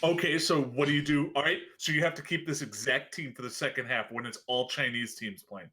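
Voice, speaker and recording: A man's voice: mid-range voice, bright, forceful tone. A man co-hosting a casual podcast chat, teasing the others and restarting his sentences. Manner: teasing, quick, many restarts. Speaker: podcast co-host.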